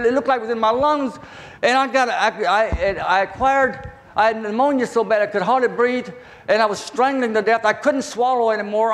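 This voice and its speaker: An older man with a Southern accent and a very high voice preaches a testimony sermon. He talks in a folksy, halting way and often doubles back on his words. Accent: Southern American. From southern Virginia, USA.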